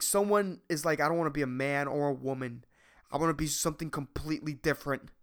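A man's voice: on the high side, fairly bright tone, clear, resonant tone. Profane, exasperated man ranting solo. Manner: profane, rambling, laughs at his own jokes; exasperated, agitated. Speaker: podcast host. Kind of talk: solo comedic rant.

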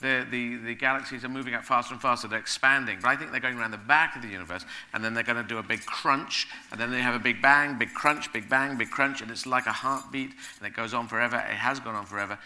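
Bright-voiced man rambling on stage, laughs mid-sentence. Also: medium pitch, fast, few pauses. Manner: rambling, animated, laughing as he talks. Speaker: guest speaker. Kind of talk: onstage conversation at a live event.

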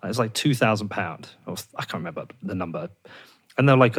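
A man with a low, husky voice talks in a fired-up, profane rant. His pitch leaps high when he gets indignant, then drops back to a rough, gravelly-edged mutter. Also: fast, a bit bright. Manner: fired up, swears a lot, voice jumps high when ranting. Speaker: podcast host. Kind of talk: heated casual chat.

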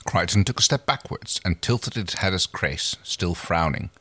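A man's voice: sits low, lively intonation, moderate pace, bright, forceful tone, slightly rough. A man co-hosting a story reading, reading aloud with laughing asides. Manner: laughs easily, apologetic slips.

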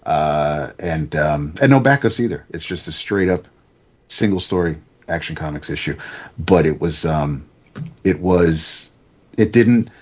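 A man casually recapping a comic book issue, halting with many restarts and fillers. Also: a bass voice, expressive, a little mellow, slightly rough, lo-fi sound. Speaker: comics podcast host.

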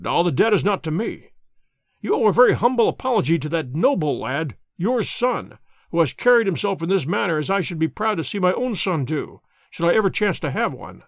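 A man reading an audiobook, voicing a calm, self-assured detective who explains in measured tones. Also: fairly high pitch, no room sound. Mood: stern.

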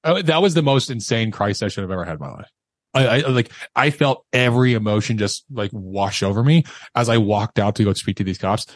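A man's voice: fairly low pitch, expressive, brisk, dry recording. A man in his thirties, a podcast guest, telling a harrowing personal story with emotion and acting out the voices of others. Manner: emotional, acts out quoted voices, laughs nervously.

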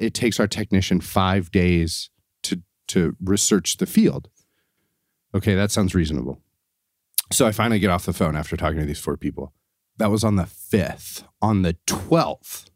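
A man's voice: fairly low pitch, big pitch swings, normal speed, darkish tone, no echo, studio quality. A man co-hosting a podcast, telling an angry story about customer service calls, cursing and acting out both sides of the phone conversations. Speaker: podcast co-host. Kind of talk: casual chat, ranting story.

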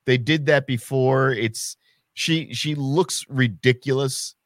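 A man casually chatting about wrestling as a podcast co-host, animated and sarcastic, swearing freely. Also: medium pitch, slow, no room sound, studio quality.

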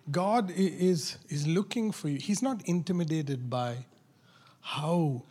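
Husky-voiced man preaching with rising fervor. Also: on the high side, slow pace. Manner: builds from quiet coaxing to loud shouted preaching. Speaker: pastor. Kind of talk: sermon.

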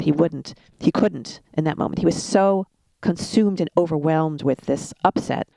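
A woman's voice: on the low side, moderate pace, vocal fry, no room sound. A middle-aged woman telling parenting stories in a casual chat, laughing now and then. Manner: warm storytelling with laughs.

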